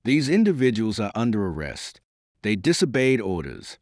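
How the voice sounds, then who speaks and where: A man reading the lines of a smooth, scheming cardinal in an audiobook. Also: lowish voice, sing-song, normal speed, darkish tone, no room sound, clean studio sound.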